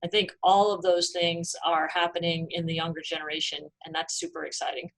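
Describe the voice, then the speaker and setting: A woman with a fairly low voice talks on a video call. Her pitch barely moves, and she speaks in an even, thoughtful way. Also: a little fast, creaky, rough recording. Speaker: head coach. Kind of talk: panel remarks on a video call.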